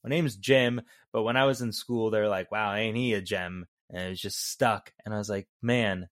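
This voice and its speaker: A man's voice: fairly low pitch, fairly even intonation, moderate pace. A man co-hosting a film review podcast, talking loosely and casually with some swearing. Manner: loose, profane, conversational. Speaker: podcast co-host.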